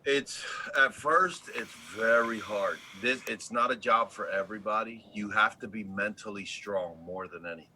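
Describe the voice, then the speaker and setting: Blunt cussing oil rig boss, super bright sharp voice, casual chat. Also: male voice, lowish voice, normal speed, hardly any pauses, a little hiss or hum, low-quality recording. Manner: blunt, profane, animated storyteller.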